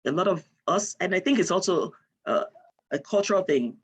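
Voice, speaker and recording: A woman's voice: on the low side, expressive, moderate pace, breathy edge. A woman from Nigeria, giving an online lecture and explaining with example sentences.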